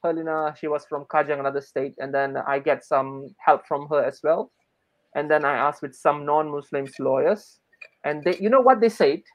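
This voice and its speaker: A man from Malaysia in his thirties, a native Malay speaker, telling a personal story in an interview, animated and acting out the dialogue. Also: a little high, moderate pace. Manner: animated, acts out quoted dialogue, frequent restarts. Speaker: interview guest. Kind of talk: conversational storytelling.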